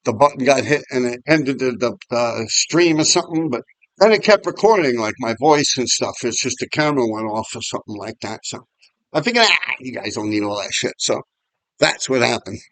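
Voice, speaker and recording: A man telling a story in a casual, animated, profane way, laughing often. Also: medium pitch, a little fast, no echo, rough recording. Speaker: vlogger.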